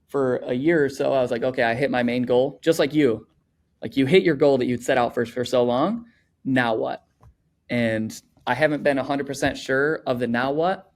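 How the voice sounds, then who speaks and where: A young man, a podcast guest, talking in a loose, rambling way and filling his sentences with "like" and "you know". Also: mid-range voice. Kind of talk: casual conversational storytelling.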